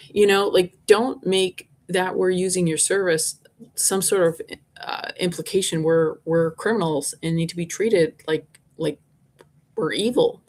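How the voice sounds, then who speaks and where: A woman's voice: on the low side, steady tone, measured pace, a little mellow. A woman telling a rambling, frustrated story about bad bus service, with many restarts. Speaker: vlogger reviewing bus lines. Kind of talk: casual ranting monologue.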